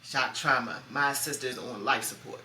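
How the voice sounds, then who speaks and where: Speaking at a moderate pace in an extremely low, sharp voice, a woman in her thirties uses her podcast to tell a painful personal story bluntly and profanely, holding nothing back. The room echoes and faint background noise is audible.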